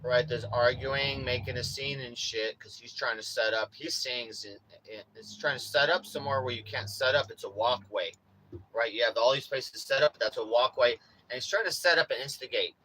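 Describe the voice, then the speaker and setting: A man recounts a run-in to his viewers in loose, profane street talk. His voice sits at a middle pitch with a bright, forceful edge, and he punches up his own remembered lines as he acts them out. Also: normal speed, slight background noise, low-quality recording. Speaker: vlogger. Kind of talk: casual storytelling to viewers. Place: RV neighborhood in Los Angeles.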